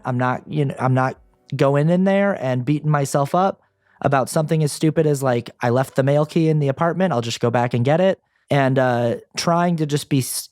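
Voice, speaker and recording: A man's voice: mid-range voice, a little mellow, no echo, studio quality. A young man talking candidly as a podcast guest, earnest and self-deprecating, with casual fillers. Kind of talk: candid personal interview talk.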